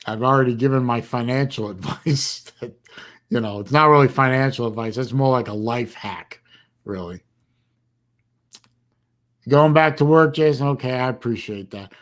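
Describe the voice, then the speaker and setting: A man hosting a casual livestream chat, talking in a rambling, halting way with bursts of dry sarcasm. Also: medium pitch. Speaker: livestream host.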